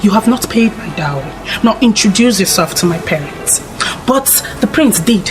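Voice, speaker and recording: A woman's voice: mid-range voice, expressive, moderate pace, over music, close to an everyday voice, low-quality recording. An actress with a Nigerian accent playing a proud young woman who taunts others coldly. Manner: taunting, cold. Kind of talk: Nollywood drama acting.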